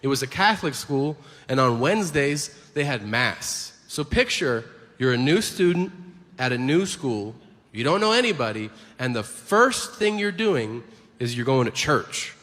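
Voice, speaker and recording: A man performing a crude, animated stand-up routine on stage, acting out the people in his stories. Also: medium pitch, unhurried. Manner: animated, crude storytelling with acted-out quotes. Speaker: stand-up comedian. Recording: reverberant hall with ambient noise.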